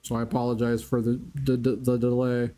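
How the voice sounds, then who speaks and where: A man's voice: mid-range voice, completely flat delivery, a little fast, dark tone, faint music behind. A man live-streaming a video game, chatting casually with his viewers and laughing often. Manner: chatty, laughs often, talks to chat by name. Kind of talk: casual live-stream chat while playing.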